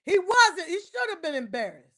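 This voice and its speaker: Fired-up Philly woman livestreamer, high voice, emphatic, repeats herself and shouts. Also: big pitch swings, normal speed. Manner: heated, emphatic and repetitive, loud outbursts. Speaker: livestream host. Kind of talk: casual sports rant on a livestream.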